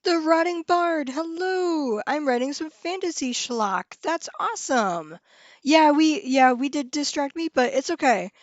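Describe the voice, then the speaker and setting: A young woman chats with viewers on a live stream, bubbly and excitable, trailing off and laughing as she goes. Her voice sits a touch high. The sound is dull and lo-fi in a dry room with no echo. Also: unhurried.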